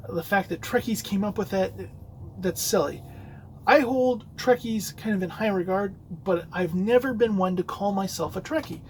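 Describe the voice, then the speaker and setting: A man's voice: high-pitched, a little hiss or hum, low-quality recording. A man hosting a solo podcast, telling a rambling story with many fillers and restarts. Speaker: podcast host. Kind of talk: casual solo podcast talk.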